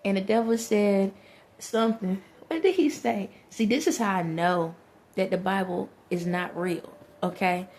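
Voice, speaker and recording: A woman's voice: mid-range voice, flat delivery, unhurried, a little mellow, slight background noise. A woman, talking to her viewers in a rambling spiritual monologue, laughing often and speaking to presences only she feels.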